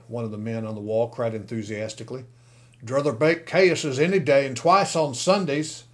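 A man reading a story aloud as an audiobook narrator, growing louder and more dramatic in the action scenes. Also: medium pitch.

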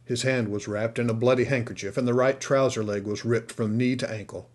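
A man narrating an audiobook in a steady, expressive storytelling manner. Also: mid-range voice, a little fast. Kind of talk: scripted narration.

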